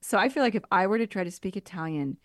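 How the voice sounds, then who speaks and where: A woman's voice: mid-range voice, expressive, quick pace, no echo, clean studio sound. A woman, co-hosting a podcast in a casual, rambling chat. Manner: chatty, rambling explanations with many fillers. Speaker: podcast co-host.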